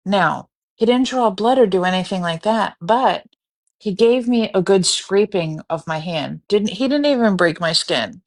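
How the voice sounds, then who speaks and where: A woman telling a story casually on a live stream, animated and profane. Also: medium pitch, unhurried. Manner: animated, profane, breaks into screaming reenactments.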